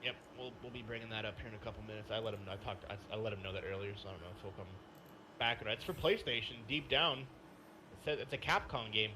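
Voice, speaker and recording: A man co-hosting a gaming podcast, telling a story in casual chat, animated and swearing freely. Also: lowish voice, quick pace, slight background noise. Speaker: podcast co-host.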